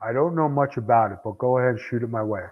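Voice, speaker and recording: A man's voice: mid-range voice, fast. New man on a dull, lo-fi call. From New York. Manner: easygoing, guessing answers hesitantly. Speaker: guest, former wrestler. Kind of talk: casual interview.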